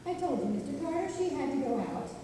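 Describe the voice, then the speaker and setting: A woman's voice: high-pitched, big pitch swings, quick pace, mellow, slight background noise. A woman playing a curt guarded mother. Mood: evasive. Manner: curt, evasive. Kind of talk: live stage play. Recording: echoey hall miked from far.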